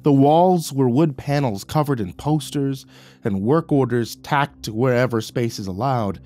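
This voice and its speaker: A man narrating a scripted horror story in a measured, dramatic storytelling way. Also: mid-range voice, a little mellow.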